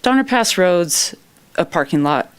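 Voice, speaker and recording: A woman's voice: fairly low pitch, expressive, a little slow, clear, resonant tone. A woman making a worried, plain-spoken public comment at a town council meeting, using folksy phrases.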